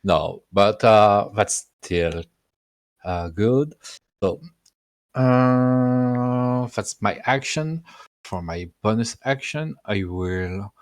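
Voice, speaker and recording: Low-voiced guy in an online tabletop game, super slow and halting, dry mic. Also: lively intonation, dry recording. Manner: halting, full of uh fillers. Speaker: player.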